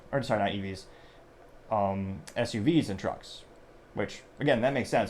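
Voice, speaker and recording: Male show host, mid pitch, loose rambling commentary, faint hiss behind. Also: darkish tone. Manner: rambling, self-correcting, reads quotes aloud. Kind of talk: casual news commentary.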